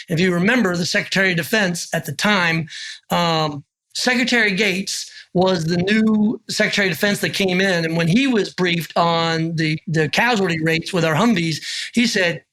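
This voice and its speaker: A man's voice: sits high, pushed and bright. A middle-aged man, a retired army officer, recalling his service and acting out remembered dialogue as he tells stories. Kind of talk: oral history recollection.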